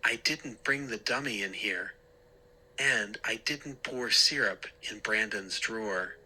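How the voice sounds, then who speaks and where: A man's voice: fairly low pitch, slow pace, bright, forceful tone, husky, full character voice. A man voicing a frantic boy who stammers and pleads that he is innocent. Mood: pleading.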